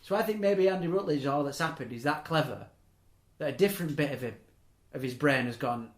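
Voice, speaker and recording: Speaking a little fast in a slightly high voice, this young podcast host spins long, meandering stories in relaxed conversation, cutting himself off mid-sentence and tossing in chuckling asides. The room has an echo.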